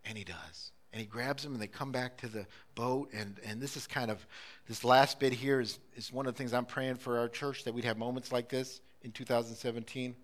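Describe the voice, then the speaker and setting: A middle-aged man preaching a sermon as a pastor, impassioned, swinging between loud urgency and hushed, intimate passages. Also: medium pitch, fairly even intonation, brisk.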